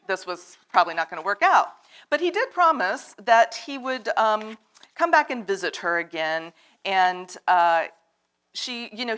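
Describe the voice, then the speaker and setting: A woman reading a picture book aloud to children at a church service, animated and drawing them in with questions. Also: a little high. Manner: animated, asks the children to join in. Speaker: storyteller at a children's time in worship. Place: church sanctuary.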